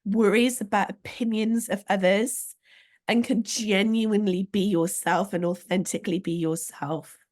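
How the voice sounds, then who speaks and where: A woman's voice: medium pitch, fairly even intonation, a little slow, a little mellow. A British woman hosting a podcast, talking candidly and with a self-deprecating, chatty manner. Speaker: podcast host. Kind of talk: conversational podcast chat.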